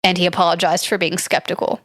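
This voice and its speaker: A woman's voice: on the low side, level tone, quick pace, a bit bright, no echo, studio quality. A woman co-hosting a podcast, casually retelling a ghost story from her notes, hedging often with "like" and "I don't know.". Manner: chatty, hedging, reads from notes with frequent likes and I don't knows. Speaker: podcast co-host.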